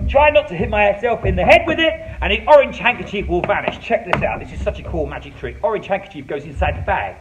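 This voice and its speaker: Goofy kids' magician guy, highish voice, playful and bumbling, little far from the mic. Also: bright, forceful tone, muffled recording. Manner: playful, bumbling, talks straight to young viewers. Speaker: children's entertainer. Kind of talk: comic magic show for children. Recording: slightly distant with faint background noise.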